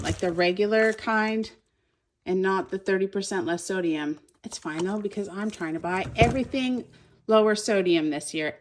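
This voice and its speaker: A young woman talks her way through a grocery haul, chatty and unscripted, thinking aloud as she picks up each item. Her pitch sits in the middle range for a woman. A faint hiss of noise runs underneath. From Canada. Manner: chatty, thinking aloud while showing products. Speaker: vlogger. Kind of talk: casual grocery haul vlog.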